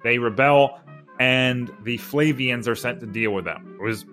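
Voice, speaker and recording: A man co-hosting a casual history podcast, relaxed and mid-pitched. He rambles through the story with jokes and asides. A little music sits faintly behind him. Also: measured pace. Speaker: podcast co-host.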